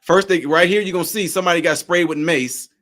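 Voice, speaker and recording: Sarcastic high-voiced man reacting to videos. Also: fast. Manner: animated, sarcastic, repeats himself. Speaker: political commentary host. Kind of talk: casual reaction commentary.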